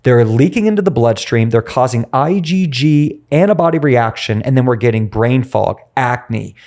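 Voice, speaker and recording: A man, a nutritionist guest on a podcast interview, explaining and acting out stories with his clients in an animated way. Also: medium pitch, moderate pace. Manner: animated storytelling, acts out dialogue.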